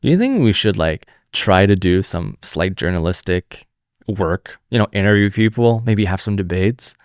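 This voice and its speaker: A young man hosting a political podcast, talking in a profane, animated, rambling way. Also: low-pitched, moderate pace, smooth, no echo, studio quality. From Canada. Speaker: podcast host. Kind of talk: casual political podcast chat.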